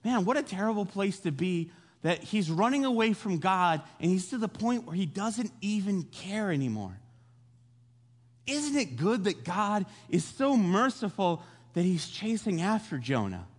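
A young man preaching a casual sermon, retelling a Bible story in an animated way and acting out the voices. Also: high voice, a little slow. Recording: long hall reverb.

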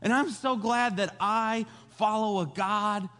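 A young man preaching a casual sermon, retelling a Bible story in an animated way and acting out the voices. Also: high voice, slow. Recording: long hall reverb.

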